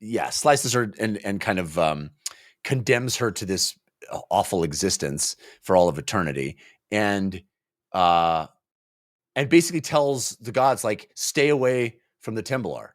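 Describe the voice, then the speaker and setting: Male co-host, lively swinging pitch, casual book chat, retells scenes with quick voices. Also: dry recording, clean studio sound. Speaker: podcast co-host.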